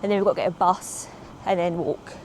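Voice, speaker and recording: A woman's voice: on the low side, steady tone, brisk, a little mellow, a little hiss or hum. A woman, vlogging in a rambling, casual way while walking outdoors through a city, a little out of breath, on a clip-on mic. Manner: chatty and rambling, with frequent ums. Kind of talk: casual walk-and-talk vlog. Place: outdoors on city streets and transit. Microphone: small clip-on mic.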